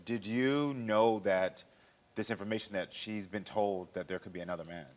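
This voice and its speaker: A man hosting a talk show, gently probing his guests with questions and showing his own emotions openly. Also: on the low side, normal speed.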